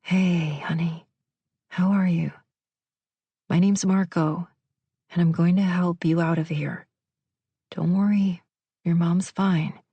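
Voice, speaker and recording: This is a steady, gentle male firefighter, voiced by a woman narrator. He speaks softly and reassuringly in a low, mellow tone. The recording is close and dry. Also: slow pace, pauses often, husky, no echo, dull audio, exaggerated voice. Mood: soothing. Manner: soothing, reassuring, soft-spoken.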